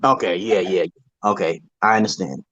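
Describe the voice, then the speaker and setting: A man's voice: low-pitched, normal speed, fairly bright tone, lo-fi sound. Crude rambling male stream host. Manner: crude, rambling, stammering restarts. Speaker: livestream host. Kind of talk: casual call-in chat. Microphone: online stream call.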